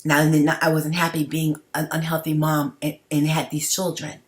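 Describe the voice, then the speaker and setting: A woman's voice: sits low, monotone, moderate pace. A middle-aged woman talking straight to her viewers in a personal vlog, emphatic and repetitive, often checking in with "okay?". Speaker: vlogger.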